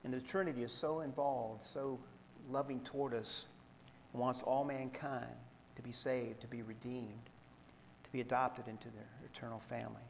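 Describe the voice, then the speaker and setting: A man preaching a sermon, reading scripture aloud in a measured way and explaining it to the congregation. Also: mid-range voice, fairly even intonation, vocal fry, big-room sound, a little hiss or hum, low-quality recording. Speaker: pastor.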